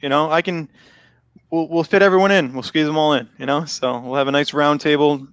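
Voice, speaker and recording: A man with a Boston accent hosts a live football draft show, chatty and laughing easily as he reads picks. His voice sits a little high and sounds smooth and resonant. He is close on a dry mic. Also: fairly even intonation, fairly quick, a bit bright, no echo. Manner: chatty, laughs often, restarts phrases. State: losing his voice. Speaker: host. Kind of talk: casual live draft commentary.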